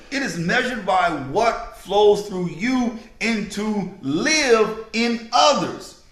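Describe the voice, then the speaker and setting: A man with a fairly high voice speaks with an unhurried, deliberate pace, like a preacher driving his message home. He repeats his key lines slowly so they land. The sound has a noticeable echo from the room around him. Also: fairly bright tone. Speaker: podcast host. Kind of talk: motivational podcast talk. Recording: echoey room.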